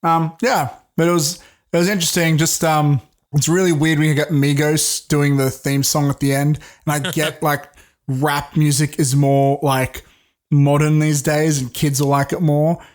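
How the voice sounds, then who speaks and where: A male podcast co-host with a somewhat high voice. He rambles casually, jokes around and trails into fillers as he chats about films. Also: flat delivery, normal speed. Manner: rambling and jokey, with many fillers. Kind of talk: casual film podcast chat.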